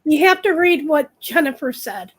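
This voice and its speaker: Woman chiming in on a livestream, pretty high voice, short replies. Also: animated, normal speed. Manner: brief replies, short asides. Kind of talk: casual live stream chat.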